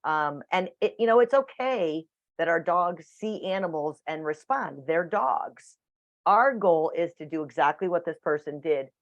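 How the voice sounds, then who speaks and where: A woman's voice: lowish voice, animated, a little slow, no echo. A woman teaching a dog training class over a video call, chatty and matter-of-fact. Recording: dull dry video call audio.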